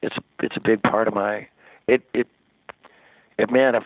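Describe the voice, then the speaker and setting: A man's voice: on the low side, normal speed, no echo. Man rambling on a tinny phone line. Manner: rambling, animated storyteller with many restarts. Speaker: rock singer, interview guest. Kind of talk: casual phone interview.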